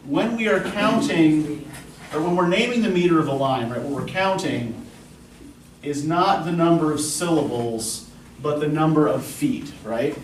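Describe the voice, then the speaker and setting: A man's voice: on the high side, measured pace. A man teaching a college poetry class, explaining patiently and often asking the students questions. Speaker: college English instructor. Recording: roomy classroom from a distance with faint noise.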